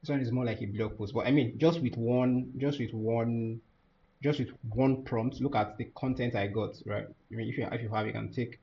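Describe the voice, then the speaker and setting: A man teaching a software tutorial over a screen share, thinking aloud with many fillers and restarts. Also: mid-range voice, fairly even intonation, normal speed, dull audio, a little hiss or hum. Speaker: course instructor.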